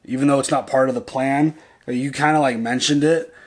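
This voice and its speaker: A man's voice: medium pitch, fairly even intonation, a little fast. A man co-hosting a reaction video, chatting casually, loose and profane, thinking aloud and restarting his sentences. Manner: loose and profane, heavy on "like" and "dude".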